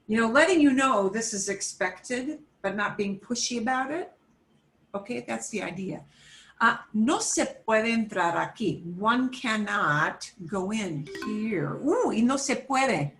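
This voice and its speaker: A woman's voice: on the high side, animated, a little slow, fairly bright tone. A woman teaching a beginner Spanish lesson, explaining patiently step by step and mixing Spanish phrases into her English.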